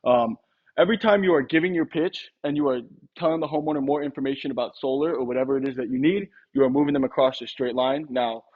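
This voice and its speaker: A man's voice: mid-range voice, narrow, tinny audio. A young man teaching a sales method in a casual instructional talk, now and then acting out short sample dialogues. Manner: casual, quick, acts out little sample dialogues. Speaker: sales trainer.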